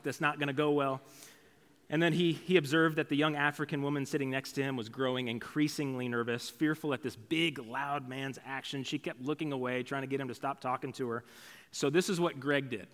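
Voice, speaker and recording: A male pastor delivers a sermon in a relaxed, conversational manner and slips in casual asides as he tells stories. His voice sits at an ordinary middle pitch. A long reverb from the church sanctuary trails behind every phrase.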